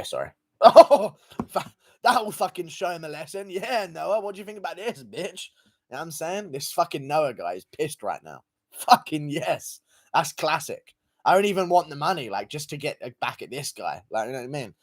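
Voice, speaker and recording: A young man livestreaming, reading out donations in crude, profane, mocking banter. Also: fairly high pitch. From England. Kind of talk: casual live-stream chat.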